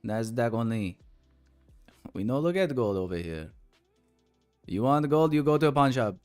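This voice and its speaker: A man voicing a stubborn, dismissive male trader in a put-on accent with slow, clipped broken English. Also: on the low side, fairly bright tone, smooth, no echo, faint music behind, close to an everyday voice.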